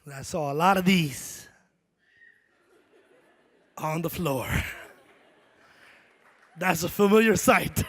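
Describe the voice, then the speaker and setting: A middle-aged man doing a stand-up comedy set in a large concert hall, animated and shouting his punchlines. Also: high-pitched.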